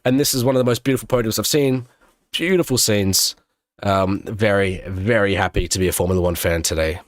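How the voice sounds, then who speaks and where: A man hosting a live race watch-along, reacting with loose, slangy excitement and wrapping up the coverage. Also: on the low side, a little fast, no room sound, clean studio sound. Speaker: host.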